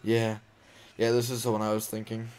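A young man with a slightly low voice, teasing and joking his way through a co-op game session. His banter is playful, and a faint hiss of noise sits under the talk. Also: completely flat delivery, fairly quick, a little mellow. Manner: teasing, playful, corrects and jokes. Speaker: gamer co-host. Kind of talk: casual let's-play banter.

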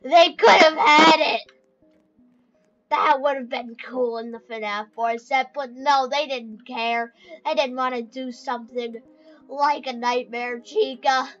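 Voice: mid-range voice, steady tone, measured pace, highs cut off, faint music behind, close to an everyday voice. A performer voicing a sulking, forgotten male animatronic bear in a comedic skit, talking in a whiny, rambling, self-pitying way.

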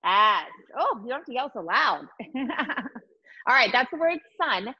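A woman teaching a virtual lesson to young children, encouraging and sing-song, sounding out letters slowly. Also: fairly high pitch, very animated, breathy edge, dull audio. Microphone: video call.

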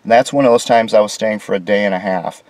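American man, deep-ish voice, griping sarcastically while filming a hotel room. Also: fast talker, a little mellow, dry recording. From United States. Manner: sarcastic, indignant complaints. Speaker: vlogger reviewing a hotel room. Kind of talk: casual walkthrough narration.

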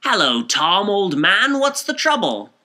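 A man voicing a brisk, cheerful gentleman in an audiobook reading, speaking in a hearty, breezy way. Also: mid-range voice, sing-song, full character voice. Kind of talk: audiobook character voice.

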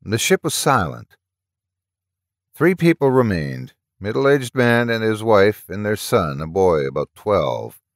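Man, story narrator, low voice, lively delivery, dry close recording. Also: takes it slowly, no echo. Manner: dramatic storytelling. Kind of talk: scripted narration.

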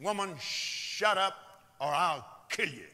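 A violent male serial killer on the run, snarling threats and breaking into shouts, as a preacher acts him out. The voice sits high and bright, and it rings through a long hall reverb. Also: lively intonation, takes it slowly, full character voice. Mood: menacing.

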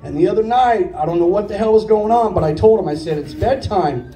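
A man's voice: high-pitched, a little fast, warm tone, a little hiss or hum. A man in his thirties doing a stand-up comedy set, telling stories in a rambling, profane, conversational way. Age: 30s. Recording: echoey room picked up from far off.

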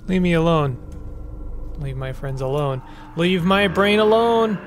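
A man's voice: fairly high pitch, measured pace, a little hiss or hum, lightly acted. A man voicing a frightened little girl. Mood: frantic.

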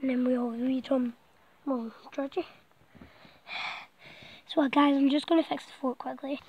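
A woman's voice: high-pitched, steady tone, normal speed, a little mellow, a little hiss or hum, rough recording. A woman vlogging from inside a small blanket fort at night, out of breath, rambling and chatty and now and then dropping to a whisper. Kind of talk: casual night vlog. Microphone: camera set close by.

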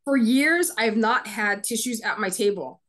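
A woman co-hosting a casual podcast as a card reader, telling stories in a direct, chatty, animated way. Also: a little high, a little slow.

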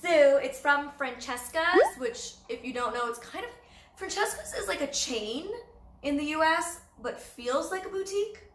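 A woman's voice: high voice, animated, moderate pace, a bit bright, reverberant, slight background noise. A Canadian woman in her twenties, chatting casually and bubbly as a vlogger, full of "like" fillers. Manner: bubbly, chatty, fashion-loving, many "like" fillers. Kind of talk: casual chat.

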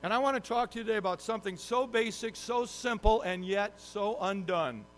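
A male pastor with a notably high voice opens his sermon with a self-mocking story. He acts out his own frustration as he tells it, and a faint hum sits under the recording. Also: lively intonation, brisk, a bit bright. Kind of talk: sermon with humorous personal story. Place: church sanctuary.

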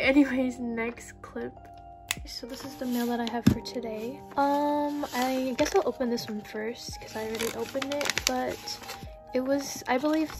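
A young woman vlogging an unboxing haul, gushing and excitable with breathy exclamations. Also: high-pitched. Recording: background music.

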